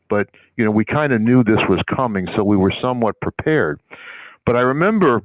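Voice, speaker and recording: Over a tinny, dry phone line, an older man with a lowish voice spins a long, rambling anecdote as a guest on a sports PR interview, acting out the people in it. There is no room sound.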